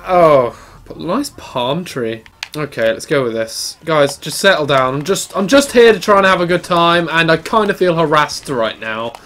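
A young man giving excited, sweary commentary on his gameplay and talking back to game characters. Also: a little high, moderate pace, slight background noise. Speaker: gaming channel host.

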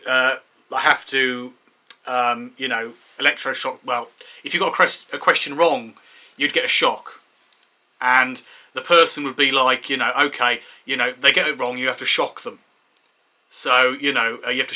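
A man's voice: mid-range voice, pushed and bright. A man telling a rambling story in a casual discussion, laughing as he goes. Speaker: discussion participant.

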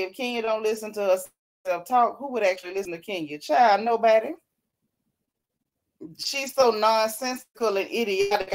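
A woman hosting a casual chat, reading out comments from viewers and laughing often. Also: fairly high pitch. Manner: animated, laughing, Southern-style slang. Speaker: host.

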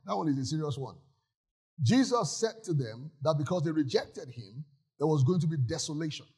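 A man's voice: a little high, animated, brisk, a little mellow, husky. A male pastor preaching a sermon in a church, emphatic and often asking the congregation if they follow.

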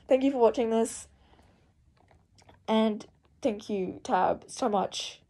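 A teenage girl from Australia unboxing a mask, gushing and breathless, shaky with excitement and swearing often. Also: on the high side, slow, long pauses, low-quality recording. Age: teens.

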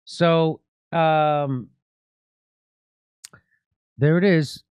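A middle-aged man hosts a political talk show in a sarcastic, mocking tone. His deadpan jokes land in a dry, close studio sound with no room echo. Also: mid-range voice, normal speed. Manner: mocking, deadpan jokes, laughs at own lines. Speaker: host.

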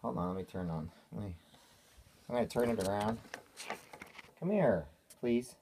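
A man talking to his young daughter at home at bedtime, loud and teasing, ending lines with "okay?". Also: lowish voice, moderate pace, slight background noise. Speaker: father.

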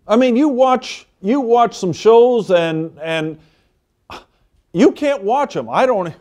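Male pastor, middle-aged, high tenor, fervent and indignant sermon delivery. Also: expressive, slow, a little mellow. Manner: fervent preaching, rising to indignant emphasis.

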